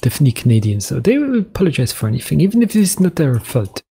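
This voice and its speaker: A man's voice: on the high side, very animated, quick pace, creaky, dark tone, slightly rough. A British man hosting a game video, rambling and self-deprecating as he talks through building a map. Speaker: gaming video host. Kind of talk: rambling let's-play commentary.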